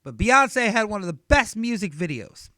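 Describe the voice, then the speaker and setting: A man's voice: high voice, big pitch swings, moderate pace, sharp tone, no echo, studio quality, pitched above the performer's own voice, full character voice. A man doing an impression of a famous rapper who interrupts an awards speech, brash and insistent.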